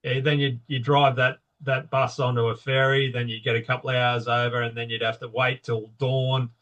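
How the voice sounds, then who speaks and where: A man's voice: medium pitch, flat delivery, moderate pace, a bit bright, muffled recording. A middle-aged Australian man with a mid-range voice, chatting casually about past adventures. He explains things for the listener and builds his stories with vivid, easygoing detail. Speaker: podcast guest. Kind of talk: casual conversation.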